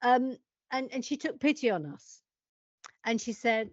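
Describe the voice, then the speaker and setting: A woman, a podcast guest telling a story in a lively, self-mocking way. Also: on the high side, measured pace, no room sound, muffled recording. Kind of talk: animated anecdote telling.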